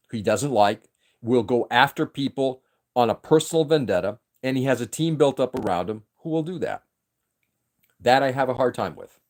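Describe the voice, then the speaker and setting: Emphatic opinionated man ranting on a stream. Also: mid-range voice. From New England. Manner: opinionated, emphatic, restarts sentences often. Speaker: livestream host. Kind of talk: casual political rant on a livestream.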